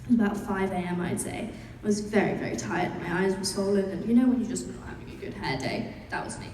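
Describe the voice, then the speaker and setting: A woman's voice: mid-range voice, steady tone, fast talker, a little mellow, far from the mic, slight background noise. A young woman chatting and telling stories to fans at a convention panel, laughing as she goes. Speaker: actor answering fan questions at a panel. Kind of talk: casual chat. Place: large convention hall. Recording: echoey hall, heard from afar.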